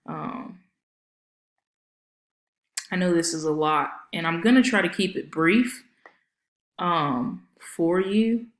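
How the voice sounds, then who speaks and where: A woman's voice: low voice, vocal fry, roomy sound. A woman consultant giving a casual screen-share walkthrough of a website, chatty and friendly with lots of filler ums. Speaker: marketing consultant.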